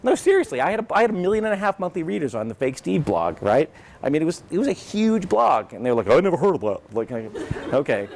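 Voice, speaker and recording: A man's voice: on the high side, big pitch swings, fast talker, vocal fry, darkish tone. A man speaking as a guest at a business event, telling stories in a sarcastic, rambling way with frequent profanity and tag questions. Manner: sarcastic, rambling, profane, peppered with "right?" and "you know". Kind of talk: animated conversational storytelling.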